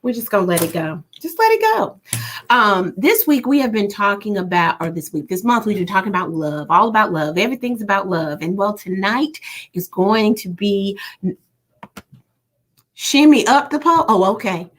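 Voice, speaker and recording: A woman's voice: medium pitch, moderate pace. A woman hosting a casual livestream, reading viewer comments aloud with teasing humor. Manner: animated, teasing, laughs often. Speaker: livestream host. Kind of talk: casual live-stream chat reading comments.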